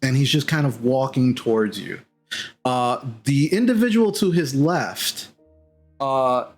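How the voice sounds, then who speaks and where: A man narrating as game master of a tabletop game, rambling with fillers and restarts. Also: medium pitch. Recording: slightly dull mic, faint music behind.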